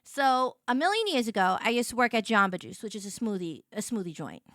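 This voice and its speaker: A young woman streamer chats her way through a story, tripping over restarts and fillers. Her voice sits high and swings widely, bright and sharp-edged. The sound is dry and close. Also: a little fast, no room sound. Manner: chatty, rambling, many restarts and "like"s; animated, jumps into high voices for quotes. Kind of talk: casual storytelling chat to a stream.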